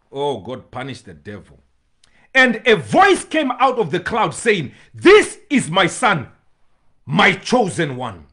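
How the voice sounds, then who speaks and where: Husky preaching man, lively and high. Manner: preaching with rising shouts and tongues, swings from loud to hushed. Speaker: pastor. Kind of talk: sermon.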